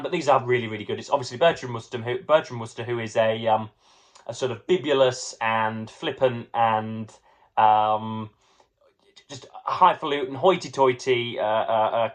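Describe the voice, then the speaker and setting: A young man chatting casually to camera about his reading, wordy and playfully grandiose, full of ums and restarts. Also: medium pitch. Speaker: book vlogger.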